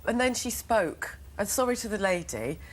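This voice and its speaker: An English woman as a guest on a TV studio sofa, telling lively anecdotes and acting out what people said. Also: mid-range voice, moderate pace, noisy background. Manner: lively storyteller, acts out quotes. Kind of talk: chatty showbiz interview anecdotes.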